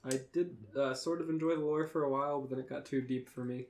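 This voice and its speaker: A man co-hosting a casual podcast, talking in a dry, understated, low-key way. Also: steady tone, quick pace, darkish tone. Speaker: podcast co-host.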